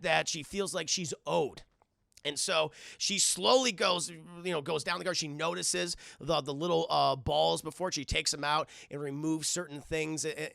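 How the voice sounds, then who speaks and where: Gravelly, profane streamer recapping a cartoon. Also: male voice, a little high, sharp tone, no room sound, studio quality. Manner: rambling, profane, keeps addressing chat. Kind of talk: casual live-stream episode recap.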